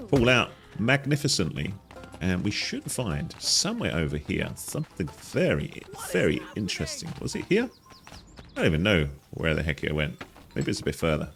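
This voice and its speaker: Playful man with a deep voice. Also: a little fast, creaky, faint music behind. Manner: playful, animated, calls viewers "my friends". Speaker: gaming guide host. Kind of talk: game walkthrough commentary.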